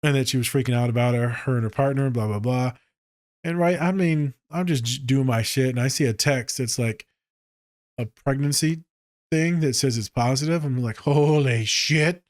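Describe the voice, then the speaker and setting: A man who works as a therapist, hosting a casual podcast and telling stories in a profane, joking way, swinging between low mutters and sharp high exclaims. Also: moderate pace, dry recording, clean studio sound. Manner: profane, joking, with frequent swearing.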